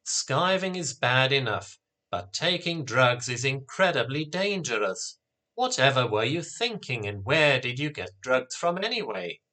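A man's voice: medium pitch, big pitch swings, unhurried, sharp tone. A man reading the part of an angry, worried mother in a spoken story, scolding bluntly.

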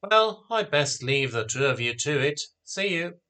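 A man's voice: on the high side, animated, a little slow, pushed and bright. A man doing a gossipy neighbour woman. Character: chatty British woman neighbour who smokes.

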